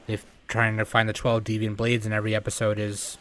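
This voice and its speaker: A man's voice: fairly low pitch, completely flat delivery, brisk, fairly bright tone, dry recording. A young man co-hosting a podcast in casual chat, laid-back and using casual slang. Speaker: podcast co-host.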